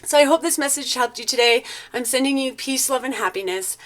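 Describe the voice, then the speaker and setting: Woman tarot reader, higher-pitched, casual coaching delivery. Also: brisk, background noise. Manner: chatty, coaching, acts out quoted lines in a higher voice. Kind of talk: casual spoken tarot reading.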